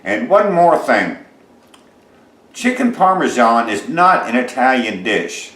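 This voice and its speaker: A middle-aged man talks his way through a home recipe in a loose, rambling drawl, dropping curse words and plenty of uhs along the way. His voice sits at an ordinary pitch. The kitchen gives everything a roomy, echoey ring. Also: big pitch swings, slow, a bit bright. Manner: folksy, rambling, cussing storyteller with lots of uhs. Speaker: home cooking show host. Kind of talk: casual cooking vlog chat.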